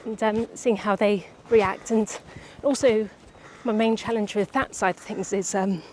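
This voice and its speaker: A young woman writer chatting casually about her book outdoors by the seaside, a little out of breath and halting, with many restarts. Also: mid-range voice, fairly even intonation, darkish tone, slight background noise. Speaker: writer vlogger.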